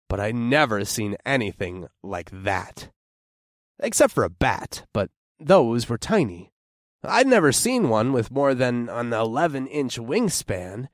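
A young man narrating a first-person horror story in an expressive, tense storytelling manner. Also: mid-range voice, no room sound, clean studio sound.

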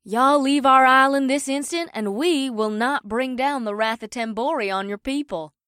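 A man's voice: very high-pitched, normal speed, pushed and bright, smooth, no echo, studio quality, pitched above the performer's own voice. A man putting on a fierce snarling warrior woman. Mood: threatening. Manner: snarling, defiant.

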